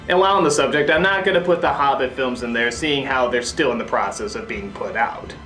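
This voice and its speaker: A man delivers a comedic film review imitating a famous critic, ranting sarcastically and breaking into sudden high yells. The recording has an echoey room sound with faint music.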